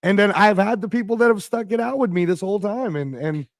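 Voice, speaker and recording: A man with a hoarse voice, a guest in a casual livestream chat, rambling and laughing as he talks. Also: high-pitched, fast, no room sound, clean studio sound.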